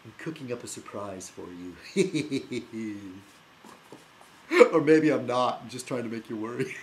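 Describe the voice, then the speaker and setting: This video blogger, a man with a medium-pitched voice, chats casually to camera in a rough recording. He rambles and teases, halts frequently with fillers and restarts, and laughs quietly to himself.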